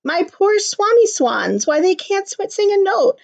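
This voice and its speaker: A woman's voice: very high-pitched, big pitch swings, a little slow, gravelly, pitched above the performer's own voice, full character voice. A woman voicing a grumpy little male forest creature, scolding in a raised, cross voice. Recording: slightly muffled recording.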